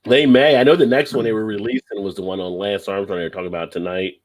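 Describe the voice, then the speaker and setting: A man's voice: lowish voice, steady tone, quick pace. A man hosting a live stream, chatting casually and telling long stories with a laugh. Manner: easygoing, laughs often, tells stories at length. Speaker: livestream host.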